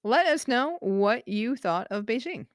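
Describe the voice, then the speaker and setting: A woman co-hosting a podcast, reading out news updates in a careful, measured way and laughing easily between items. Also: a little high, big pitch swings, dry recording, studio quality. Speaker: podcast co-host. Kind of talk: casual news chat.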